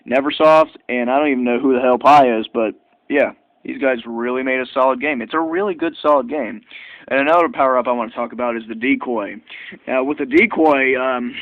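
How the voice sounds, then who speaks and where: A man reviewing an old video game in a chatty, excitable, rambling way. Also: medium pitch, no echo. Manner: chatty and excitable, lots of fillers and restarts. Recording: tinny phone-like dry recording.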